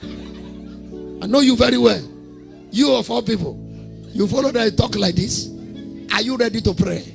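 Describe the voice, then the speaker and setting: A man with a Nigerian accent preaching a sermon, telling humorous stories with mimicked voices and shouting prayer lines for the congregation to repeat. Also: extremely high pitch, huge pitch swings, a little slow, creaky, long pauses, soft background music. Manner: humorous storytelling, mimics congregants, laughs often. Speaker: prophet preaching.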